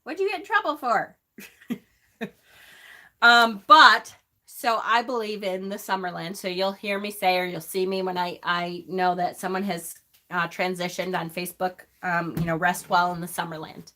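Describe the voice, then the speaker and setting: A woman's voice: on the low side, normal speed, bright, forceful tone. A middle-aged woman hosting a live stream, chatting casually and answering viewers' comments by name. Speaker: host of a pagan live stream.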